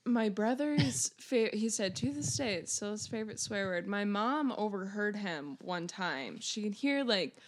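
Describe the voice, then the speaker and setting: A young adult woman chatting casually as a podcast guest, telling stories in an animated way. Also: mid-range voice, measured pace, hardly any pauses. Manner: animated storytelling. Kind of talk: casual chat.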